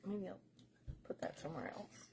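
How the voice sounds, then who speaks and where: Mellow, gravelly woman musing slowly. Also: fairly low pitch, very animated, slight background noise. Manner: unhurried and rambling, full of fillers. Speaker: tarot reader and host. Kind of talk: casual tarot reading chat.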